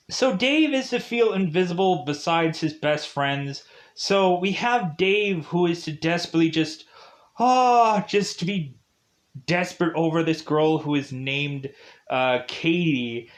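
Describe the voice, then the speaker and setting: A man giving a casual, rambling film review, full of "like" and "uh". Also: a little high. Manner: rambling, heavy use of "like" and "uh".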